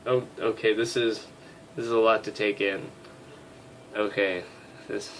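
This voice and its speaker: Slow-talking man, self-mocking game commentary. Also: fairly low pitch, flat delivery, a little hiss or hum. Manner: self-mocking, swears freely. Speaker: let's play host.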